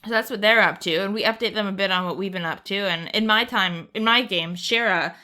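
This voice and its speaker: A woman co-hosting a podcast, chatting casually about a video game in an animated, giggly way and acting out character lines. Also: medium pitch, fairly quick. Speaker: podcast co-host.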